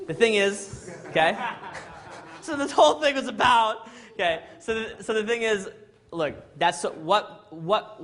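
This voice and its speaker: A high-pitched middle-aged man from Canada animatedly tells an audience a story, voicing the dialogue himself and frequently asking "right?" and "okay?".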